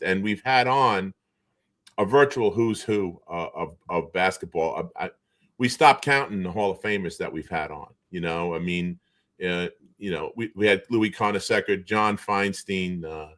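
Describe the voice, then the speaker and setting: A man's voice: fairly low pitch, normal speed. A middle-aged man with a Boston accent telling stories on a video call, acting out the voices of the people he quotes. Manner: animated storyteller who acts out quoted voices. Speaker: guest. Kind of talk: storytelling in casual chat.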